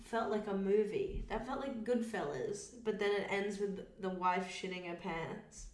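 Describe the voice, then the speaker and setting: A woman co-hosts a casual podcast, throwing in quick jokes and reactions. Her voice rings with a roomy echo. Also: medium pitch. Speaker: podcast co-host. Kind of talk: casual chat.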